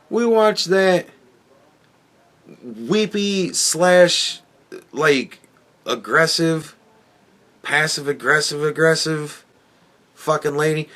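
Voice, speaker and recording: A man's voice: on the high side, a bit bright. Profane, rambling male podcast host. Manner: profane, rambling, with frequent restarts. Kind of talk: casual opinion monologue.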